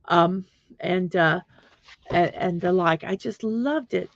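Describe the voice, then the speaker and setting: A woman's voice: fairly low pitch, slow, creaky, dry recording, highs cut off. A middle-aged woman hosting a casual livestream, chatting in a rambling way with many fillers while she searches for things on her computer. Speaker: livestream host.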